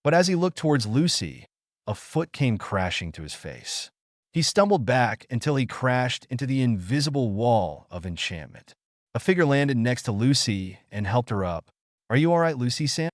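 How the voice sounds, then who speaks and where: A man's voice: mid-range voice, big pitch swings, moderate pace, no room sound, clean studio sound. A man reading fan fiction aloud as narrator, voicing all the parts himself. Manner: storytelling, reads all parts.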